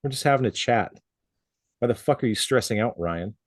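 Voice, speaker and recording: A man's voice: mid-range voice, lively intonation, brisk, no room sound, studio quality. A man co-hosting a tattooing podcast, chatting casually with lots of swearing and laughter. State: coughing from a drink gone down the wrong pipe. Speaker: podcast co-host and tattoo artist. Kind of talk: casual chat. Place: home studio, outside noise nearby.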